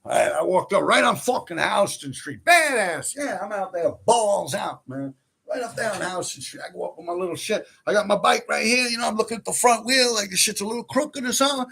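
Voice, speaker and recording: A man's voice: sits high, expressive, fairly quick, creaky, a bit bright, husky. A man who tells stories in a rambling, profane way on a livestream he hosts, laughing often. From New York City. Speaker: livestream host. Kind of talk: casual storytelling.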